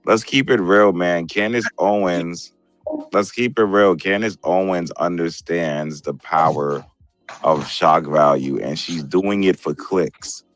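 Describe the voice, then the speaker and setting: Low-voiced guy running the call, opinionated, keeps saying bro, dry sound. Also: slow, no room sound, faint music behind. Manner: opinionated, repeats "bro" and "right". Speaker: show host. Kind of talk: casual group chat over a video call.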